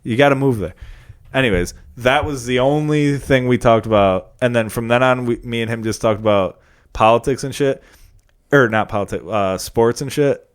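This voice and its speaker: Young man, comedian, casual podcast chat, rambling stories, swears a lot, average pitch. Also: moderate pace, clear, resonant tone.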